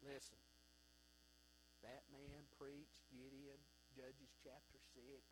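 A middle-aged man from North Carolina, preaching a sermon as pastor, swinging from hushed to loud exhortation. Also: mid-range voice, flat delivery, takes it slowly, long pauses, noisy background.

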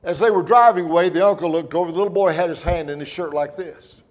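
Earnest, high-voiced male preacher. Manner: earnest, emotional storytelling, slowing for emphasis. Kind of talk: sermon.

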